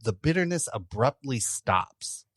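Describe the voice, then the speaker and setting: A man's voice: medium pitch, sing-song, measured pace, fairly bright tone, no room sound. A man co-hosting a podcast in casual chat, dry and descriptive as he tastes a beer. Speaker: podcast co-host.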